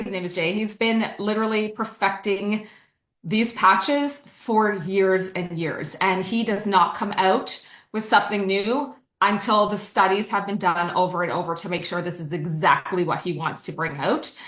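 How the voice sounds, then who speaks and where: A woman's voice: mid-range voice, a bit bright, roomy sound. A woman from Canada giving an enthusiastic sales presentation, talking with lots of "um"s and "so"s. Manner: enthusiastic, many fillers. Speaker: business presenter. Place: online presentation.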